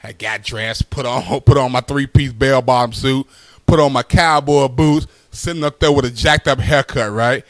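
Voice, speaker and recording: A male comedian telling a stand-up story, animated and full of repeated asides. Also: mid-range voice, moderate pace, no room sound.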